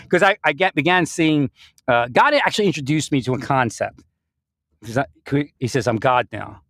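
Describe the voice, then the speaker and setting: A man's voice: a little high, lively intonation, normal speed, a bit bright, dry recording, clean studio sound. A man giving a rambling spiritual monologue, often breaking into laughter and restarting his sentences. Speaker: spiritual speaker.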